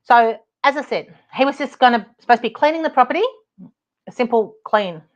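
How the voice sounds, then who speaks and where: A middle-aged Australian woman tells a story on her podcast, exasperated and animated, laughing often between lines. Her voice sits a little high and the audio sounds somewhat dull and lo-fi. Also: a little fast. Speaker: podcast host, property advocate. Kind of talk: casual storytelling monologue.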